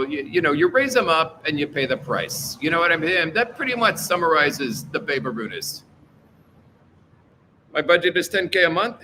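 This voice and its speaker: A man rambles through a casual livestream in a bright, sharp voice that sits a little high. He reads out chat messages and answers them loosely, with plenty of fillers and restarts. Faint background noise runs under his talk. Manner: rambling and opinionated, with frequent fillers. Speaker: livestream host reading chat.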